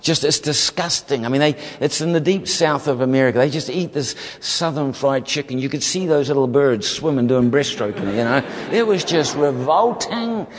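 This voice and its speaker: A man from New Zealand with a New Zealand accent, telling a humorous testimony as a guest preacher, animated and full of comic asides. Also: mid-range voice, brisk, hardly any pauses. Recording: long hall reverb.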